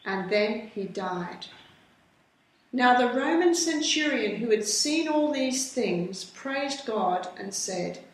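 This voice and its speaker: Slow woman reading a Bible story. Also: fairly high pitch, lively intonation. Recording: very echoey room.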